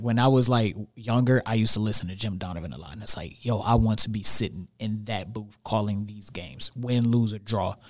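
A young man guesting on a podcast, talking sports in an emphatic, animated way and repeating phrases for weight. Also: fairly low pitch. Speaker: podcast guest, radio show host. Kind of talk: casual sports chat. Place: podcast studio.

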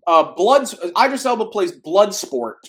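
A man with a slightly higher voice co-hosts a live movie podcast. He chats casually and jokes often. He cuts in on his co-host and riffs on the points. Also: sing-song, unhurried. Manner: joking, playful, talks over co-host. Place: home studio, live stream.

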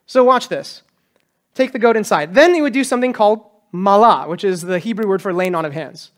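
A man preaching a sermon as pastor, animated, acting out quotes with a raised voice. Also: sits high, a little fast. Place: church.

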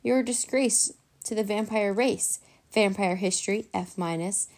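A woman's voice: unhurried, a little mellow, lightly acted. A woman voicing a stern, snobbish vampire mother who sneers and screeches. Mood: scolding. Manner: shrill and sneering.

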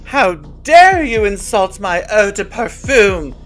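A man voicing a vain, glamorous old woman star who talks in a shrill, haughty way. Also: sing-song, takes it slowly, a bit bright, clean tone, soft background music, full character voice. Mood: shrieking. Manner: shrill, haughty, self-important.

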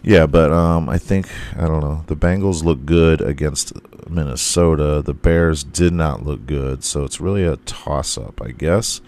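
A hoarse man with a very low voice talks slowly through casual sports picks. He rambles and swears, often breaking off to correct himself. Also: a little mellow. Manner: rambling, profane, self-interrupting. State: hoarse, losing his voice. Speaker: podcast host.

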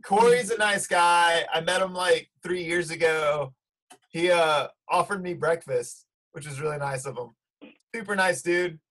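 A man co-hosting a surf podcast, talking in relaxed surfer slang, calling people "dude" and going off on a rant. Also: on the high side, measured pace, low-quality recording. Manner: laid-back surfer slang, ranting. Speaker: podcast co-host. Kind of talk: casual chat.

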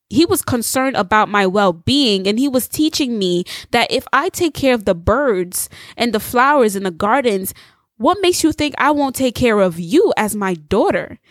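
A woman preaching a testimony sermon, telling her story in a lively way and putting questions straight to her listeners. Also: fairly high pitch, measured pace, dry recording, studio quality. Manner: animated storytelling, acts out dialogue; addresses listeners directly with rhetorical questions.

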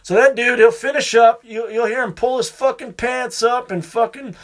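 A man's voice: very high voice, fairly even intonation, normal speed. A man hosting his own show, rambling through a crude monologue and swearing constantly. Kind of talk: profane casual monologue.

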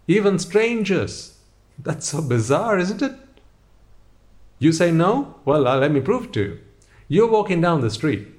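A man's voice: a little high, a little mellow. Man posing rhetorical questions. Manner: rhetorical questions, direct address to the listener. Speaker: speaker addressing listeners. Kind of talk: motivational talk.

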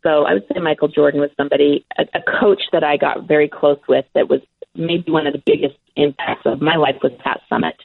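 A woman's voice: deep voice, a little fast, vocal fry, slightly rough, dry recording. A middle-aged woman, a sports broadcaster, telling stories with enthusiasm in a casual interview and laughing often. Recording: tinny phone-like line.

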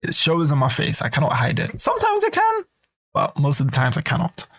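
A man talking in a casual, swearing rant, animated and acting out quoted voices. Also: on the high side, brisk, breathy edge. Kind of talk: casual monologue to camera.

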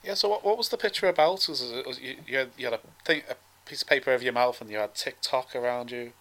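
A man hosting a podcast interview, asking quick, loose questions. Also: mid-range voice, a bit bright.

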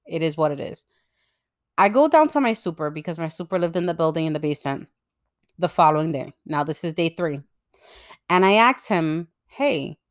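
A young woman podcast host telling a story in an animated, profane, casual way. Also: lowish voice. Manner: animated and profane, with expressive swings in loudness.

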